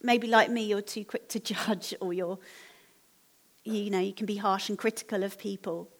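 A woman preaching a sermon in a church, speaking in a gentle, earnest and encouraging way. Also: mid-range voice, fairly even intonation, normal speed. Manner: gentle, earnest, encouraging appeal with soft laughs.

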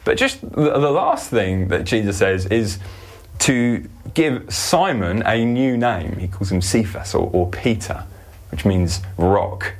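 Male preacher, low voice, slow deliberate sermon delivery, earnest. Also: expressive. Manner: earnest, slows to stress scripture.

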